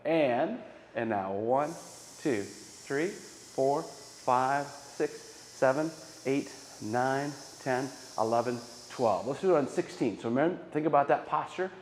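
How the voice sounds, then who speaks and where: A man leading a choir's warm-up, coaching posture and breathing. He encourages the singers and counts the exercises aloud. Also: medium pitch, animated, slow, slight background noise. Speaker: choir director. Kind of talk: guided vocal warm-up instruction. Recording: echoey hall with long reverb.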